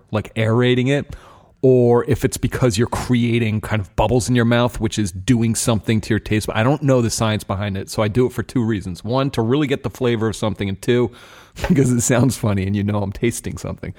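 A young man talks through a beer tasting on his podcast in a loose, rambling way. He is candid and drops the odd swear word, and his voice sits at an ordinary middle pitch. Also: steady tone, a little fast, a little mellow. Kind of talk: casual tasting chat.

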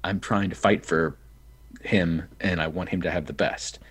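A middle-aged man telling stories in casual chat, animated and acting out the people he quotes. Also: low-pitched, moderate pace, husky, no room sound. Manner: animated, acts out quoted voices. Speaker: podcast guest. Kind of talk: casual storytelling.

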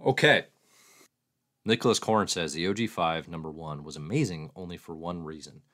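A man's voice: sits low, normal speed, fairly bright tone. A man hosting a casual livestream, joking and mocking himself as he answers viewer questions aloud. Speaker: comics livestream host.

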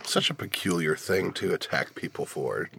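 A man's voice: low voice, lively intonation, moderate pace, creaky, background noise. A man hosting a casual chat who adds wry, joking remarks.

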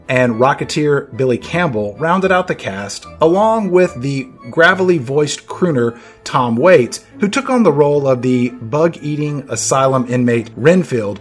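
A man hosting a movie podcast, narrating scripted film history with playful, dramatic emphasis. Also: medium pitch. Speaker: podcast host.

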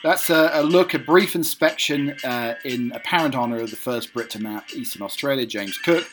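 Bright-voiced man reading out lists. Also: medium pitch, brisk, hardly any pauses, soft background music. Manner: reads items one by one with enthusiastic asides. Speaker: host. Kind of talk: casual read-through of lists.

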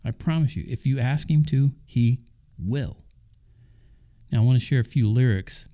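A man's voice: mid-range voice, fast talker, mellow. A man hosting a Christian talk, speaking conversationally with casual asides and the odd chuckle. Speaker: Christian podcast host.

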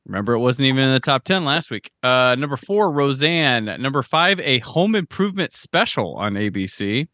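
Guy hosting a movie podcast, bright voice that bounces around a lot, super dry sound. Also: medium pitch, expressive, moderate pace, few pauses, no room sound. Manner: laid-back, rattles off ratings lists. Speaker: podcast host. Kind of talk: casual film podcast chat.

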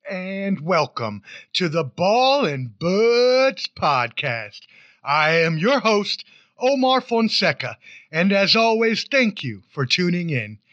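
A man's voice: high-pitched, very animated, takes it slowly, a bit bright, dry recording, muffled recording. A man hosting a podcast, introducing the show in a playful, hyped, rambling way. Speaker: podcast host.

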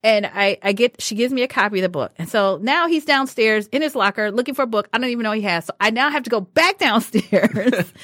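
A woman's voice: a little high, no room sound, clean studio sound. A woman hosting a podcast and telling teaching stories in a casual chat, laughing often. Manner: laughs often, animated storytelling. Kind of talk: casual conversation.

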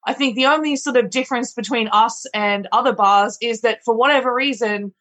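A woman who works behind a bar talks loosely and candidly, scattering "like" through every sentence and swearing without a second thought. Her voice sits a little high. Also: brisk, a bit bright, low-quality recording. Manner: swears freely, frequent "like" fillers. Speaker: bartender guest. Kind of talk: casual podcast chat.

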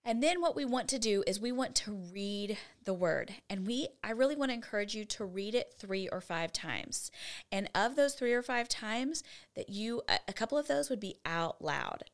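A woman's voice: mid-range voice, lively intonation, normal speed. A woman co-hosting a casual faith podcast, earnestly teaching Bible study steps one at a time. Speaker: podcast co-host.

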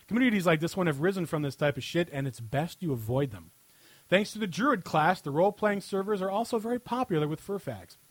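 A man's voice: sits high, fairly bright tone, no echo. A man hosting a podcast, reading a satirical article aloud in a sarcastic tone and often breaking into laughter. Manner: reads with frequent laughter, sarcastic. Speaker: podcast host.

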